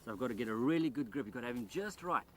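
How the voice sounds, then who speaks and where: A man presenting wildlife outdoors by paddy fields, with a middle-pitched voice and an eager, explaining manner. Faint outdoor sound sits behind him. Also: expressive, racing, fairly bright tone, slight background noise. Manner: enthusiastic, explains while handling animals.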